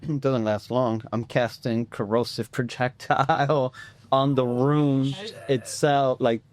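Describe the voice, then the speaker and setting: A man playing a tabletop game, casually working through the rules out loud. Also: medium pitch, fairly even intonation, slow pace. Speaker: player.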